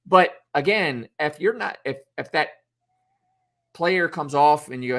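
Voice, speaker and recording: Animated and a bit bright, a fairly high-pitched man speaks at a measured pace. He coaches youth football and rambles through a loose podcast debate on leadership, often restarting and performing coach quotes.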